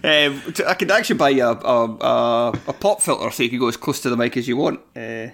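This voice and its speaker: A man's voice: medium pitch, animated, fast talker, a bit bright. A man hosting a casual podcast, joking at his own expense, swearing and laughing often. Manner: self-deprecating, swears freely, laughs often. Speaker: stand-in podcast host.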